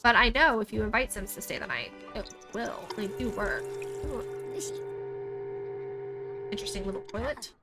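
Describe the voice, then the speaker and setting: A woman's voice: medium pitch, moderate pace, long pauses. A young woman casually commenting on a life-simulation game as its host, chatty and rambling, with game music playing. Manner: chatty, rambling, says "like" a lot. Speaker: gaming channel host. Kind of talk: casual let's play commentary.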